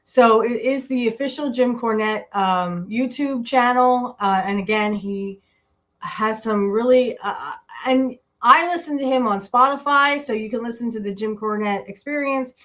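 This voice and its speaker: A woman's voice: on the high side, unhurried, a bit bright. A woman hosting a podcast, chatting casually with many fillers and restarts. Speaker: podcast host. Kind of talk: casual chat. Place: indoor room with wrestling display behind her.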